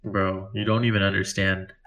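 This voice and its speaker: A man with a low voice co-hosts a laid-back talk show. He reads the news out loud, stumbles over hard foreign names and jokes with his co-host. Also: little pitch movement, moderate pace. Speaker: podcast co-host. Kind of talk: casual chat.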